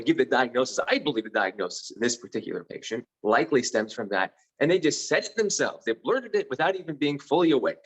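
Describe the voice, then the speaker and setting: A man's voice: on the high side, poor audio. A man, a physician guest on a podcast, explaining patient care in an earnest, enthusiastic conversational way. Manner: earnest and enthusiastic, with quick asides. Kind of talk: conversational interview.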